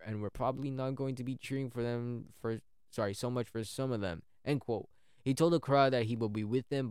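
A man's voice: medium pitch, darkish tone, clear, resonant tone, no echo, studio quality. A man narrating history in a casual way, often stumbling and correcting himself.

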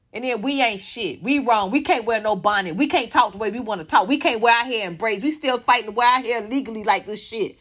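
A young woman tears into her subject in heated reaction commentary. Her voice sits fairly high, and her delivery is profane and scornful. She rants on in a mocking tone. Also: fairly bright tone, husky. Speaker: commentary vlogger.

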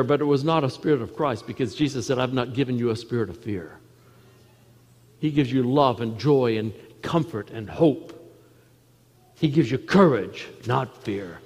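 A man preaching a sermon in earnest, repeating key phrases and dropping to a soft voice at moments. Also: fairly high pitch, long reverb tail. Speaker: pastor.

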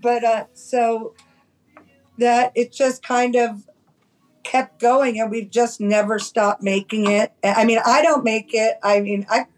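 A middle-aged woman from New York City, a cannabis farmer telling stories in a chatty, animated way as a podcast guest. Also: a little high, takes it slowly, a little hiss or hum, low-quality recording. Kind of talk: casual storytelling.

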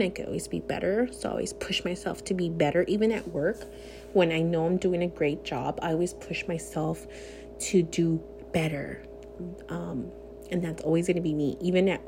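Earnest woman with a low, mellow voice. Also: a little hiss or hum. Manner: earnest, heartfelt, speaks directly to viewers. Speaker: vlogger. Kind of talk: candid personal vlog talk.

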